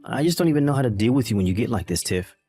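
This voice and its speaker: A man's voice: medium pitch, lively intonation, rapid-fire, warm tone, faint music behind, close to an everyday voice. A man voicing a callous young husband in a text-message drama, talking in a dismissive, impatient way.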